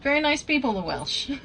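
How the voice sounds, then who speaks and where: A woman's voice: high-pitched, sing-song, moderate pace, gravelly, noisy background. Give me a giggly British woman streaming a game. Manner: chatty, giggly, rambling with frequent laughs. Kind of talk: casual gameplay commentary chatting with viewers. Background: game music.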